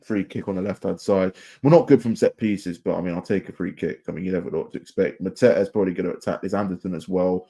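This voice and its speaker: Young fan for a watchalong, low mellow voice, casual slangy play-by-play, shouts at players. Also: male voice, fast, hardly any pauses, slightly rough. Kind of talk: live match watchalong commentary.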